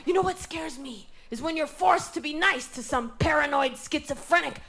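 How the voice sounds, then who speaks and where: High-voiced woman doing absurd stand-up. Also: normal speed, vocal fry, a bit bright, faint music behind. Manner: absurd one-liners delivered with mock seriousness. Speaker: stand-up comedian. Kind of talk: stand-up comedy routine. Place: comedy stage before an audience. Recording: noisy live recording.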